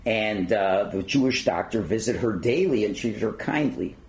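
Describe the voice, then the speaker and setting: A man's voice: fairly low pitch, animated, normal speed, rough recording. A man lecturing at a synagogue learning centre, reading passages aloud and then commenting in his own words with fillers. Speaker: rabbi lecturer.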